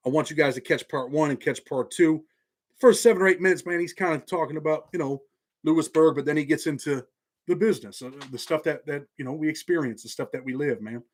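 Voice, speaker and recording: A man's voice: on the high side, fast talker. A man with a Southern accent hosting a live stream from his home office, talking in laid-back street slang. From Indiana. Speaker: channel host.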